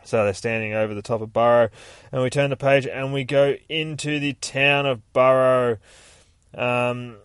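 A man hosting a podcast, casually recapping a comic book in a rambling, sweary, excitable way. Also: mid-range voice, normal speed, smooth, no room sound, clean studio sound. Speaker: podcast host.

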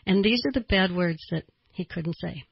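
An older woman from the American South, hosting a radio talk show as a therapist, chatty and quick to laugh. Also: on the low side, vocal fry, husky, no room sound, highs cut off. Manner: chatty, storytelling, laughs easily.

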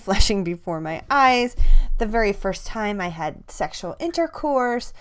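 A woman's voice: medium pitch, clean tone. Earnest woman giving a motivational talk. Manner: earnest, emphatic, repeats for emphasis. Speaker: podcast host, fitness coach. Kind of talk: personal motivational monologue.

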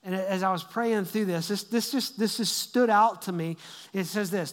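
A man preaching a sermon as pastor, emphatic, repeating phrases to build up and swinging between loud and hushed delivery. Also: high voice, moderate pace. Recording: long reverb of a large hall.

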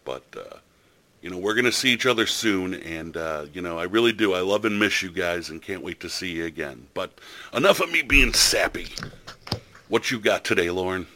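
A man's voice: sits low, expressive, moderate pace, bright, forceful tone, slight background noise. A man hosting a podcast in casual chat, chatty and enthusiastic with a rambling way of telling stories. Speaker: podcast host.

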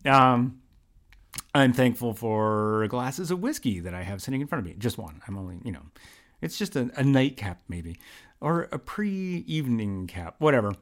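A man's voice: mid-range voice, big pitch swings, normal speed. A man, hosting his solo podcast from a home studio, rambling and self-deprecating as he thinks aloud. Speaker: podcast host. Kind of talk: casual solo podcast monologue.

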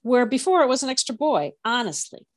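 A woman's voice: on the high side, sing-song, fairly quick, voice pushed up. A woman voicing a shy, hopeful teenage girl who speaks eagerly and a little breathlessly.

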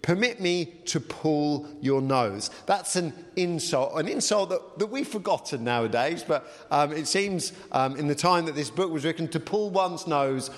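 A man's voice: a little high, lively intonation, normal speed, few pauses. Chatty preacher man, reverberant hall. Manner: chatty, with frequent ums and uhs. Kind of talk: sermon with a read-aloud story. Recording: long reverb of a large hall.

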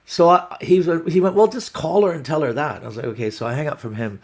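Male comedian, raspy-edged voice, loose storytelling, lots of restarts. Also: on the high side, fast. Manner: rambling, animated storytelling with restarts and acted-out quotes. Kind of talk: storytelling on a podcast.

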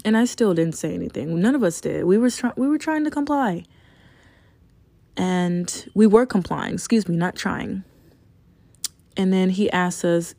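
A young woman in her twenties casually telling a personal story, frank and profane, with animated retelling. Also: medium pitch, unhurried, creaky, pauses often, dry recording. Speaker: storyteller sharing a personal experience.

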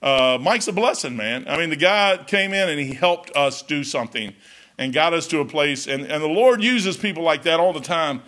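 A man's voice: a little high, moderate pace. A man preaching a folksy, storytelling sermon as pastor, peppering his talk with "man". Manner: folksy, storytelling, animated, says "man" often.

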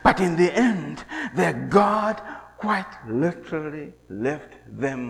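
Slow, dramatic high-voiced male preacher. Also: expressive, vocal fry, slight background noise. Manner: dramatic, swings from shouting to hushed murmur. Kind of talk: sermon. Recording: echoey hall.

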